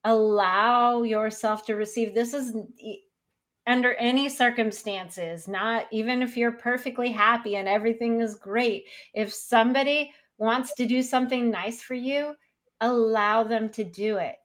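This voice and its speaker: A woman's voice: on the high side, fairly even intonation, unhurried, fairly bright tone. Earnest woman talking about grief. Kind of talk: casual conversation about grief.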